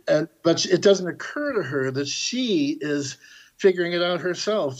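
A man's voice: on the high side, moderate pace. A middle-aged man from the Chicago area, a composer guest telling stories on a podcast and acting out the people in them. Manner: animated storyteller, acts out quoted characters. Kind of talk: podcast interview, storytelling.

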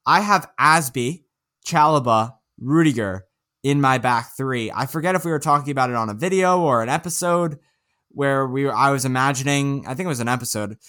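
A man in casual podcast chat, talking through football picks with dry, teasing asides. His voice sits at an ordinary middle pitch and he keeps an easygoing, conversational tone. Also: moderate pace, pushed and bright. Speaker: podcast co-host.

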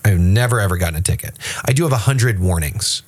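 Speaking fast in a low voice, a man co-hosts a laid-back faith podcast. He acts out quoted voices with animation, frequently restarting and using fillers.

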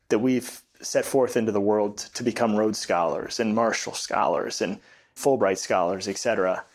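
A male interview host asking loosely worded, musing questions about investing. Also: lowish voice.

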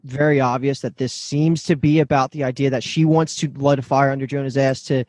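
A man's voice: medium pitch, steady tone, brisk, darkish tone, dry recording, studio quality. A man co-hosting a podcast, explaining story points in casual chat. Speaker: podcast co-host. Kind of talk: casual chat recapping a show.

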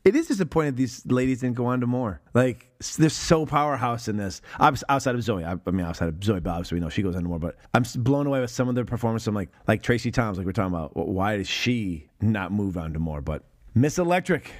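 A man's voice: on the low side, animated, quick pace. A man hosting a casual film podcast, laughing often and swearing freely. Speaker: podcast host.

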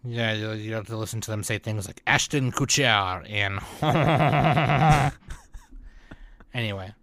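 Male podcast host, bright tone, casual rambling delivery, dry recording. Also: fairly low pitch, clean tone, dry recording. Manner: relaxed, rambling with fillers and quick laughs.

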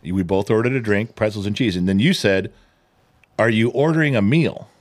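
A man's voice: fairly low pitch, normal speed. A middle-aged man co-hosting a podcast in casual chat, telling stories animatedly, mimicking voices and swearing. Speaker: podcast co-host.

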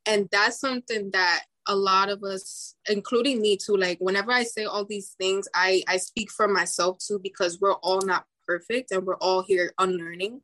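A woman's voice: mid-range voice, steady tone, moderate pace, few pauses, fairly bright tone. A young woman in casual podcast chat, talking in an earnest, reflective way with many likes and restarts. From Dominican heritage.

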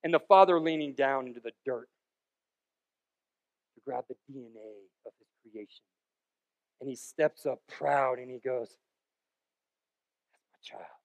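A man preaching a sermon as pastor, with joking, rambling asides and sudden loud bursts between quieter stretches. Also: medium pitch, a little slow, pauses often, lo-fi sound.

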